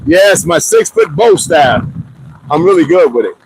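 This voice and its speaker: Man, fairly high voice, easygoing vlogger who rambles and jokes to camera. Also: sing-song, unhurried, creaky, a little hiss or hum, rough recording. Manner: loose, rambling, joking asides. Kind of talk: casual rambling chat to viewers.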